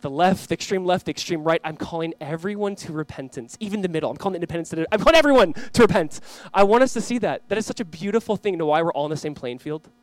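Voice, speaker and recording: A young male pastor delivers his sermon at a quick clip, his voice sitting a touch high. He tells stories with lots of energy and acts out the voices in them. The sound is dry and close. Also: dry recording. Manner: animated storytelling, acts out quoted voices.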